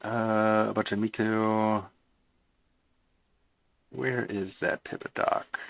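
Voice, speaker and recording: A man's voice: lowish voice, little pitch movement, slow pace, creaky, no echo. A man streaming and reacting to clips in casual commentary, mocking and swearing as he rants. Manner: mocking, profane ranting.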